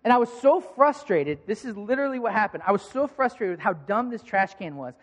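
A man preaching a sermon as a pastor, telling a self-mocking story in a lively way. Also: high voice, a little fast. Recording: long hall reverb.

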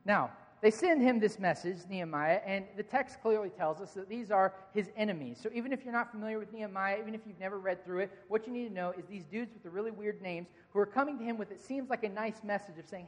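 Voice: medium pitch, fast, few pauses, big-room sound. A preacher delivering a sermon in a church, speaking in a conversational, joking way and addressing the congregation directly. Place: church sanctuary.

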